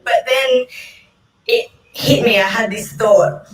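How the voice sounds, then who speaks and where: A woman's voice: a little high, takes it slowly, a bit bright. A woman with an Australian accent telling a personal story to a live audience, with wry, self-mocking humour. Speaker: storyteller on stage. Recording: echoey room, voice distant from mic.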